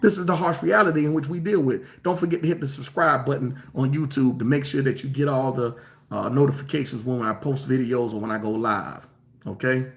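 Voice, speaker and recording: A man preaching a sermon in an emphatic, colloquial way, repeating phrases for stress and drawing some words out slowly. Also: medium pitch, fairly even intonation, gravelly.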